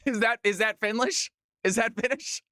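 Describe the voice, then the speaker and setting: A man putting on a goofy, high fake Finnish gamer voice. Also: normal speed, pushed and bright, no room sound, studio quality. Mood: hyped, silly. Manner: exaggerated goofy fake accent. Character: mock Finnish gamer guy, pumped up.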